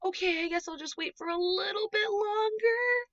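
A woman voicing an impatient, excitable little male elephant from a storybook read-aloud, pleading and dramatic. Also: very high-pitched, moderate pace, no room sound, highs cut off, voice pushed up. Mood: resigned.

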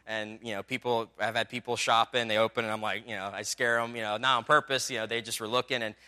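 Male pastor, bright and crisp; chatty sermon storytelling that swells into emphatic points. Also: medium pitch, little pitch movement, fast talker. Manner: conversational storytelling with many fillers, building to emphatic climaxes.

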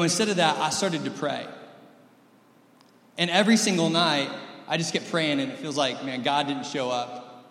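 A man in his thirties preaching a sermon and telling stories, moving between loud lively stretches and soft close ones. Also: medium pitch, echoey room, in a large hall. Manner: storytelling, swings from loud and lively to soft and intimate. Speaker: pastor.

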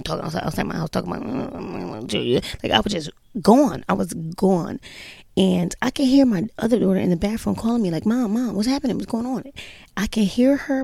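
Mom telling her story, low gravelly voice, chatty, lots of "you know", dry close sound. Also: dry recording. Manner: chatty, many "you know" fillers, emphatic. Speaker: mother telling a personal story. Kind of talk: casual personal storytelling.

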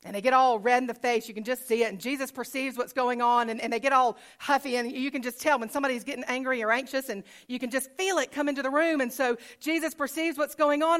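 A woman's voice: high voice, steady tone, fast talker, few pauses, a bit bright. A woman pastor preaching a sermon conversationally, asking rhetorical questions and repeating phrases for emphasis.

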